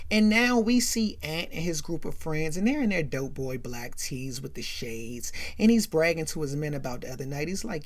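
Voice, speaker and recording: A woman's voice: deep voice, moderate pace, hardly any pauses. A woman hosting a chatty, casual movie recap, often checking in with "right?". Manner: chatty, animated, keeps asking "right?". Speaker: host.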